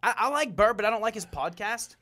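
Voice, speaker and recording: Young male host, loose chatty delivery, a bit high, says "bro" a lot. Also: lively intonation, brisk, pushed and bright. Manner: rambling, heavy on "like", "bro" and "dude". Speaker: podcast host. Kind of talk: casual chat.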